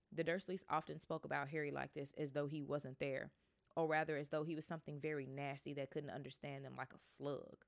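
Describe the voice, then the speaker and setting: A woman's voice: deep voice, little pitch movement, fairly quick, gravelly. A woman hosting a podcast, reading a book aloud casually and breaking off to chat about it. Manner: chatty, breaks off to react. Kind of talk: casual read-aloud with asides.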